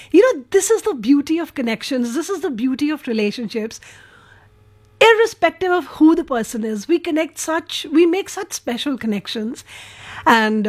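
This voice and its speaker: A woman radio host, chatting warmly through listener messages in an effusive, sentimental way. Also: sits high. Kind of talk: radio show chat reading listener messages.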